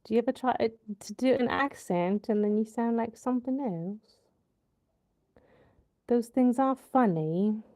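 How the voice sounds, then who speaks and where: Slow-talking woman chatting on a livestream. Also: fairly high pitch, warm tone. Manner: slow, laughing, drifts between topics and jokey accents. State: wheezing at times. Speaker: livestream host. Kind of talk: casual livestream chat, reading comments.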